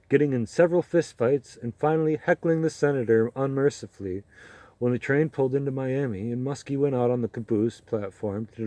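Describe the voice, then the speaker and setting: A man reading an audiobook aloud in a measured, even way. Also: mid-range voice, no echo. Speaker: audiobook reader. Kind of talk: audiobook narration.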